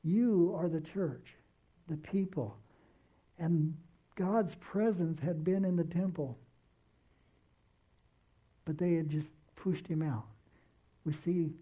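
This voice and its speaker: A man's voice: on the high side, husky. A man preaching a sermon as pastor, earnest, repeating key phrases for emphasis. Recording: tinny phone-like sound.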